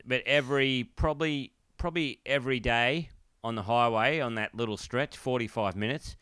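A man's voice: mid-range voice, normal speed, bright, forceful tone, clean tone, no room sound, studio quality. A young Australian man co-hosting a podcast, laid-back and rambling as he tells stories. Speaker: podcast co-host. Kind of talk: casual podcast banter.

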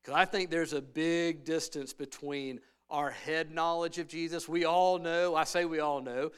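A male pastor delivers a sermon in a church sanctuary. His voice sits high and smooth. He keeps it conversational, dropping low and hushed and then building to loud, emphatic bursts. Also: steady tone, measured pace.

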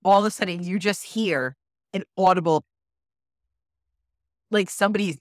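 A podcast co-host, a woman with a low voice, tells a ghost story in casual chat, animated and swearing freely. She talks a little fast, and the recording is dry and close.

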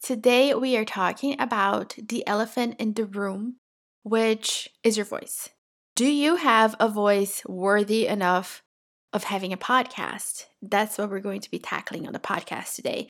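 A woman's voice: medium pitch, a little slow. A middle-aged woman from Brazil with a Brazilian accent, hosting her podcast in a direct, encouraging way. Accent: Brazilian Portuguese. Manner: direct, encouraging, talks straight to the listener. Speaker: podcast host. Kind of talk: casual solo podcast talk.

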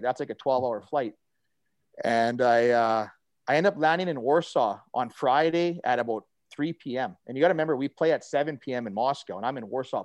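A man's voice: medium pitch, dry recording. A middle-aged man, a former hockey player telling a long story in a casual chat, full of fillers and restarts. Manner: rambling, animated storyteller with many fillers and restarts.

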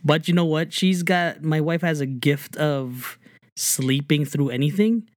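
A man's voice: fairly high pitch, a little slow, no room sound, clean studio sound. A man in his thirties co-hosting a podcast, chatting in an easygoing way and chuckling often. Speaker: podcast co-host. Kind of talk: casual chat.

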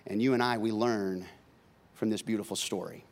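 A male pastor preaching a sermon, conversational and humorous with emphatic swings from loud to soft. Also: fairly low pitch, fairly even intonation, normal speed.

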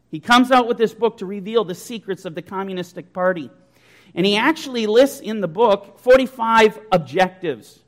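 Forceful high-voiced male preacher. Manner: forceful, emphatic preaching with rhetorical questions. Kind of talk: sermon.

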